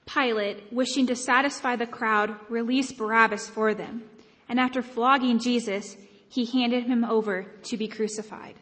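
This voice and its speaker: A woman calmly reading a Gospel passage aloud in church at an unhurried pace. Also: on the high side. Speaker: scripture reader. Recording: long echo in a large church.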